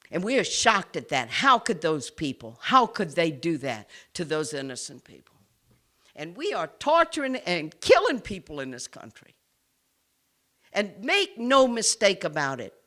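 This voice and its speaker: An earnest woman, a nun, gives an impassioned talk to a roomful of listeners. Her voice is bright and forceful. She moves between ringing emphasis and near-whispered intensity. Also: low voice. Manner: earnest, swings from forceful to hushed. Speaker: nun speaking to an audience. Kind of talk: impassioned public speech. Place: room with a live audience.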